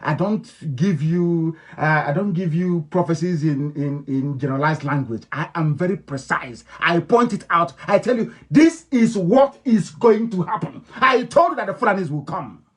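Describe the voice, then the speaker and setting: A man with an Igbo-influenced Nigerian accent, a native Igbo speaker, gives an impassioned radio address to his followers. He is emphatic and repetitive, swinging between loud declarations and low, intense tones. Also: lively intonation, normal speed, hardly any pauses. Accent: Nigerian, Igbo-influenced English. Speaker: political leader broadcasting to followers.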